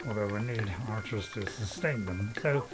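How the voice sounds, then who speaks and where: A man in his seventies giving casual, rambling commentary as he plays a game, chatty and quick to joke at his own expense. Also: on the low side, loud music behind the voice, poor audio. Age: 70s. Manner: rambling, chatty, joking and self-mocking. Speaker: gaming channel host.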